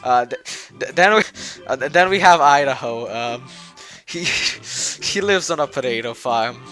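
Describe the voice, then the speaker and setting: A man's voice: medium pitch, expressive, measured pace, bright, forceful tone, faint music behind. A man presenting his game project in a loose, rambling way, full of fillers and restarts, often chuckling. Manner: chuckling, offhand. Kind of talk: joking game showcase.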